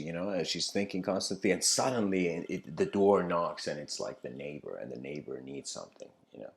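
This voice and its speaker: A man's voice: low-pitched, expressive, fairly quick, vocal fry, few pauses, a bit bright. A man giving an improvised lecture that mixes a story with reflection, talking loosely with lots of fillers. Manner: loose, filler-heavy, with frequent "you know".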